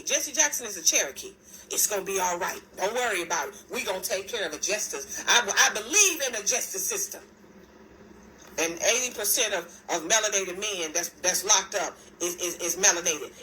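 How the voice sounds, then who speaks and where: A woman holds forth in a casual monologue to her viewers, with a bright, forceful voice. She speaks emphatically, circles back over the same points and keeps pointing things out. A faint noise sits behind her. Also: medium pitch, poor audio. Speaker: video commentator.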